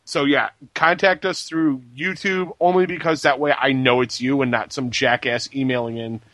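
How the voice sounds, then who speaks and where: A man co-hosts a casual podcast in a laid-back, crude-humored way. His voice is bright and forward, and the recording is close and dry. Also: medium pitch, fairly even intonation, normal speed, no room sound. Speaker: podcast co-host.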